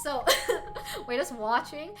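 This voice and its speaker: Young woman streamer yapping to chat, high and super expressive, laughs a ton, swears, faint music in the back. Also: slow. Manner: animated, laughs often, swears casually. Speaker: livestreamer. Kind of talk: casual storytelling to chat.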